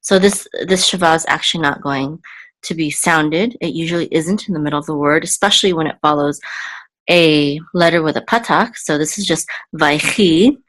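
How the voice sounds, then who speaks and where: A woman teaching a reading lesson, patient and careful, often pausing with ums and repeating syllables. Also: deep voice, a bit bright. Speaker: Hebrew teacher.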